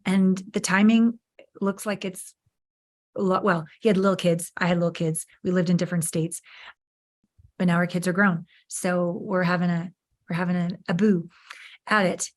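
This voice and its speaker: A woman's voice: fairly low pitch, little pitch movement, normal speed. A woman in her fifties, an intimacy coach speaking as a podcast guest, frank and emphatic, swearing freely as she tells her story. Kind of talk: candid podcast interview.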